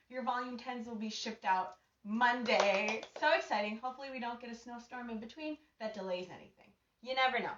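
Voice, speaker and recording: A bubbly woman hosts a live cooking show from her home kitchen, her high voice bright and cheerful. She is picked up from a distance in an echoey room, and the sound is a little dull. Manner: bubbly and gushing, greets viewers by name.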